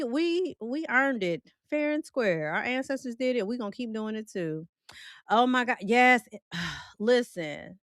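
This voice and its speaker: A woman's voice: a little high, a bit bright, clear, resonant tone, no echo, studio quality. A woman with a Midwestern country accent hosting a casual livestream, chatty and playful as she reacts to viewer comments. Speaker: livestream host.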